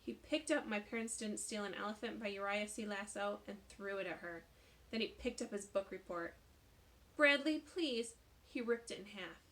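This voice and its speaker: A woman reading a children's novel aloud with expressive voices. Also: medium pitch, a little fast. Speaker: storybook reader.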